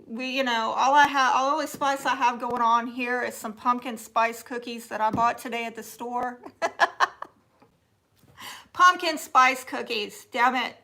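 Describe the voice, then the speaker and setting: A woman's voice: a little high, flat delivery, normal speed. A woman with a Southern accent from Texas, hosting a casual livestream, reading viewer comments aloud and answering them in a chatty, teasing way with frequent laughter. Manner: chatty and teasing, laughs often, drops to soft asides. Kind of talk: casual live chat.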